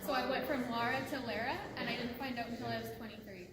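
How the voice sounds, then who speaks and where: A woman from the audience telling a short story in a quick, matter-of-fact way. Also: fairly high pitch, fairly even intonation. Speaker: audience member. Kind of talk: casual chat. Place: convention hall among a crowd. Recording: echoey hall with loud crowd.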